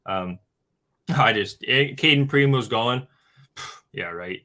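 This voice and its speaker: A man's voice: mid-range voice, slow pace, sharp tone. A man talking as a guest on a betting show, giving his hockey pick in loose chat full of fillers, often calling listeners guys. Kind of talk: casual sports betting talk.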